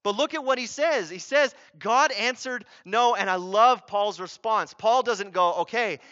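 High bright-voiced man preaching. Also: a little slow, highs cut off. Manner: emphatic, with rhetorical questions and repeated key phrases; swings from loud urgency to a low hush. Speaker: pastor. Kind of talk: sermon.

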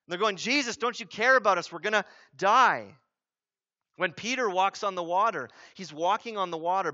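A man preaching a sermon as pastor, emphatic, asking rhetorical questions and repeating key phrases, swinging from loud urgency to a low hush. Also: muffled recording.

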